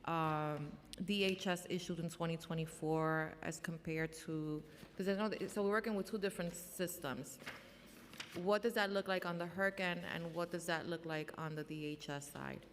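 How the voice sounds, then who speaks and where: A woman chairing a council hearing speaks in a slightly low, scratchy voice, stopping and restarting her questions. A long chamber reverb trails her words over a faint hum of the room. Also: steady tone. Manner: halting, with many fillers and restarts.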